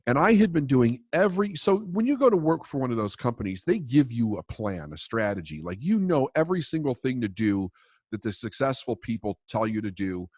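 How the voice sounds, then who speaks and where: A man's voice: medium pitch, sing-song, a little fast, darkish tone, slightly rough, dry recording. A man coaching on mindset in a podcast interview, telling a story in a blunt, emphatic way and swearing freely.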